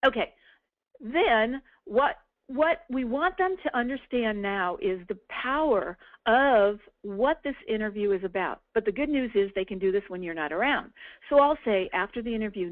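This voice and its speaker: Chatty upbeat woman coaching a webinar, kinda high, dry close phone-ish audio. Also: lively intonation, moderate pace, no room sound, phone-quality sound. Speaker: team leader presenting a business tool. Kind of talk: casual webinar walkthrough.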